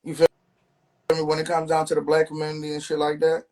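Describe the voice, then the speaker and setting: A man with a slightly high voice makes his case in a podcast studio. He talks in an emphatic, drawn-out way and keeps checking in with his listeners. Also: completely flat delivery, darkish tone, poor audio. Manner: drawn-out, emphatic, keeps asking "you feel me". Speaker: podcast guest. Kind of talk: casual podcast discussion.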